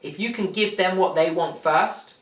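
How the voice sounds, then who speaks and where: In this motivational talk, the speaker uses a retold fable to drive home a point, speaking plainly, emphatically, and with lots of repetition. The voice is medium-pitched at normal speed, picked up by a far-off mic in an echoey room.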